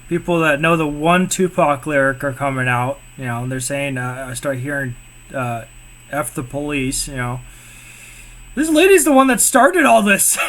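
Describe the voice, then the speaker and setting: A man with a fairly high voice talks over a video in casual commentary. He sounds exasperated, circles back to the same point again and again and swears freely. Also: a bit bright. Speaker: co-host reacting to police footage.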